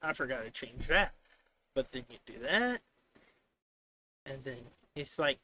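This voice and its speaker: Slow-talking, bright-voiced exasperated man streamer. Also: mid-range voice, animated. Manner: exasperated, rambling, mocks the software in quoted voices. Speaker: live streamer. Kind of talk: casual live-stream commentary while coding.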